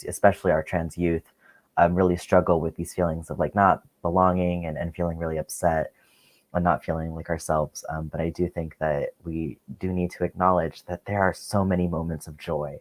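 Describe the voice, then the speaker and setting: A man with a very low voice hosting a live stream from a video call. He thanks and praises his guests in a halting, encouraging way. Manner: encouraging, with frequent "um"s. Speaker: host.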